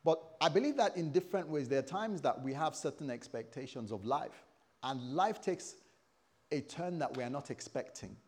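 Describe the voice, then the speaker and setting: A man's voice: fairly high pitch, lively intonation, normal speed. A man in his fifties preaching a sermon, telling stories with animation and acting out the voices of people he quotes.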